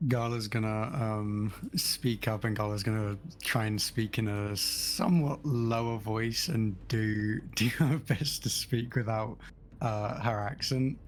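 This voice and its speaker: Hesitant slow-talking male player. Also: fairly low pitch, fairly even intonation. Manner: hesitant, halting with ums. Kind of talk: playing a tabletop game on a livestream.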